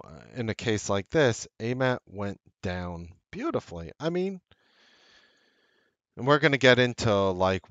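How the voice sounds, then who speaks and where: A man's voice: fairly low pitch, a bit bright, no echo, highs cut off. A man teaching a trading strategy over a chart, stressing key points and repeating them for emphasis. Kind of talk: screen-share trading lesson.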